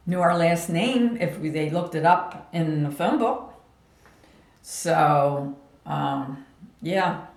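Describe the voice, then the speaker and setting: Woman vlogger, storytelling, slow and lively in pitch, low-ish voice, echoey room. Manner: slow, meandering, laughs while telling. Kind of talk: personal storytelling.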